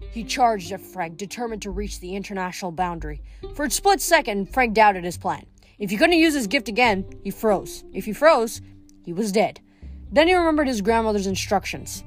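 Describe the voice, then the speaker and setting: A woman's voice: mid-range voice, lively intonation, moderate pace, faint music behind. Woman reading a novel aloud. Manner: reads with small slips and self-corrections. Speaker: audiobook reader.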